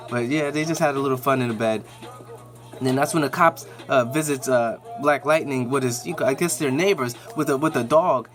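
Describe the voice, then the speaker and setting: A man's voice: medium pitch, fairly quick, a bit bright, soft background music. A man hosting a nerd news channel, giving a casual, slangy, rambling recap of a TV episode with lots of fillers.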